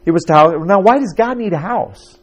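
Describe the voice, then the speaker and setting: A man's voice: high-pitched, expressive, a little fast. A man preaching a conversational sermon to his congregation, asking them questions as he teaches. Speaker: pastor.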